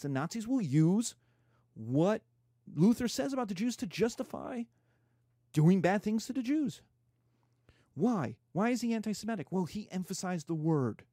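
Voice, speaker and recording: A man's voice: high-pitched, warm tone, no echo, studio quality. A man giving a casual, irreverent history lecture, acting out quotes in slangy voices.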